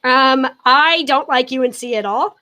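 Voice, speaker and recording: High-voiced woman telling a lively story. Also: measured pace. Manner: animated storytelling with lots of fillers. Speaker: podcast guest. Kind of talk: casual chat.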